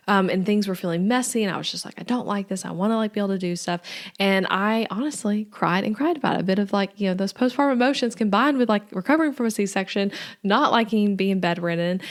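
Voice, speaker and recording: A young woman with a drawl and a mid-range voice hosts her own casual solo podcast. She talks through it in a relaxed, friendly, chatty way, filling her speech with lots of "like" and "um."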